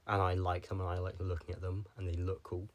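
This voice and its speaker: A man's voice: sits low, monotone, fast. A young man talking casually to the camera, rambling from one tangent to the next with lots of filler words. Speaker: vlogger.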